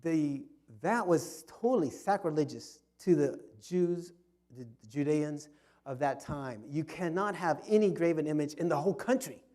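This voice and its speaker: Man, club history talk, slightly high mellow voice, storyteller who restarts phrases. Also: expressive, normal speed. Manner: storytelling with frequent restarts and repetitions. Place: fellowship hall.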